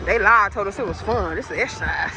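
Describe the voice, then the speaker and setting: A young woman vlogging on her phone at an outdoor water park obstacle course, out of breath, loud and laughing, teasing and swearing in casual chat. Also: mid-range voice, brisk, over music. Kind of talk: casual vlog chatter. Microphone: handheld phone camera. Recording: noisy outdoor crowd audio.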